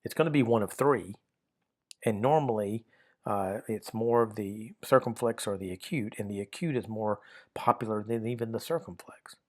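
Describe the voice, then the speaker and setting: A man's voice: lowish voice, moderate pace. A man teaching a grammar lesson in a methodical, step-by-step way, often repeating and restarting phrases as he works through examples.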